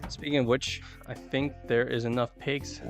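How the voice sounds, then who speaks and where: A man's voice: medium pitch, flat delivery, moderate pace, over music. A man chatting casually and rambling while streaming a video game, talking to his viewers through a desk microphone. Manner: rambling, chatty, self-deprecating. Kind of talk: casual gameplay chat.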